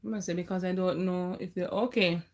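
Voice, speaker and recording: A woman's voice: on the low side, steady tone, fairly quick, darkish tone. A woman tutoring math on a casual live stream from her phone, chatty and laughing often, sometimes talking while eating.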